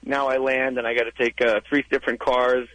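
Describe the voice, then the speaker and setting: A man's voice: medium pitch, level tone, brisk, fairly bright tone, no room sound. A man, a comedian calling into a radio show, telling rambling stories and acting out voices over a phone line. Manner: rambling storyteller, acts out voices. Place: car in the woods.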